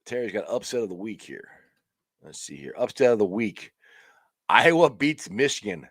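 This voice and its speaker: A man hosting a casual live-stream sports chat. He rambles in an excitable way, with frequent restarts and laughs. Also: on the low side, normal speed, dry recording, clean studio sound. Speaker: sports talk show host.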